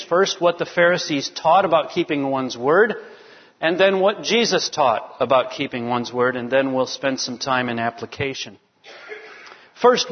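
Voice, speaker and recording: Pastor guy preaching, measured scripture reading, slightly high voice, muffled church recording. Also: long reverb tail. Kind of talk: sermon. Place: church sanctuary.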